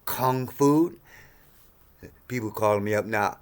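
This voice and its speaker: A man in his sixties ranting to camera in a profane, heated monologue, swinging between low mutters and sudden shouts. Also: slow pace, clean tone. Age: 60s. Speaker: vlogger.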